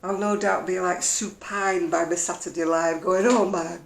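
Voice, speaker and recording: A woman talks in a casual home vlog, chatty and wry, her voice gravelly with fry. The room around her is roomy and echoey. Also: lowish voice, steady tone, moderate pace. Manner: chatty, wry, mimics other people's voices. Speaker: vlogger. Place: at home, indoors.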